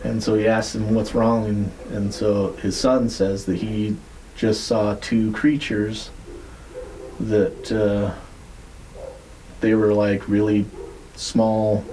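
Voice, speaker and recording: A man with a somewhat low, warm and mellow voice tells a story on a podcast. He talks loosely, rambling with plenty of "like" and the odd curse word. A faint background hiss sits under the recording. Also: flat delivery, slow, poor audio. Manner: loose, rambling retelling with frequent "like" and swearing. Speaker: podcast host. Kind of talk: casual storytelling.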